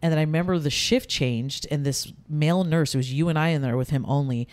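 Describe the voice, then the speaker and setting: A woman in her thirties, appearing as a podcast guest, candidly tells a personal story in casual conversation with many fillers. Her voice is low-pitched and a little mellow, and she speaks briskly.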